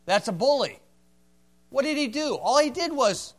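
A man preaching a folksy sermon, acting out dialogue and swinging from hushed tones to loud, forceful lines. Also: extremely high pitch, big pitch swings, normal speed, long pauses.

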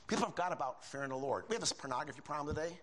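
An older man delivers a sermon with a lively, swooping voice that jumps up high for emphasis. He talks in a folksy, conversational way, full of asides to his listeners. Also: racing. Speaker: preacher.

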